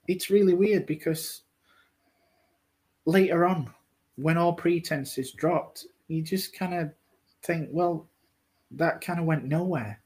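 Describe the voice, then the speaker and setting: A man co-hosting a podcast in casual chat, speaking in a calm, measured way. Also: a little high, breathy edge. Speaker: podcast co-host.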